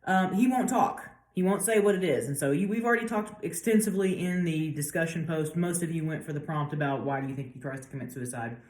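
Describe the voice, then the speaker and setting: A woman professor giving a casual literature lecture, paraphrasing the text in lively slang. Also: sits low, fast, hardly any pauses, echoey room. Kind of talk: lecture with dramatic readings.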